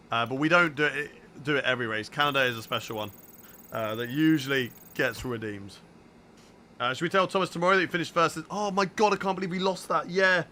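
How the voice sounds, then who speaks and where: A young male gaming streamer plays a racing game live, chatting casually and answering viewer questions between laps. His voice is fairly high with a sharp tone, over slight background noise.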